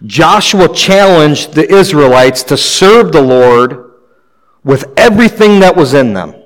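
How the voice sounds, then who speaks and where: Man preaching a relaxed sermon. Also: on the high side, unhurried, poor audio. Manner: conversational preaching with light humor. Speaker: pastor.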